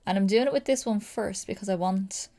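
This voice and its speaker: A young woman with a Dublin accent, chatting excitedly through a casual makeup tutorial with lots of fillers. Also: mid-range voice, brisk. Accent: Dublin Irish. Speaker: makeup creator.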